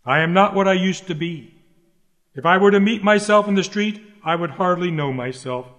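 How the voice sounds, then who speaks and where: A man preaches a sermon in a high, slightly bright voice at normal speed. Earnest and emphatic, he pleads with his listeners and repeats key phrases, with a long hall reverb around him.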